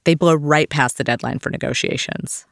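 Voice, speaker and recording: A man's voice: on the high side, normal speed, creaky, a bit bright, a little hiss or hum. A man hosting a podcast, telling a story in scripted documentary narration with a wry touch. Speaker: podcast host.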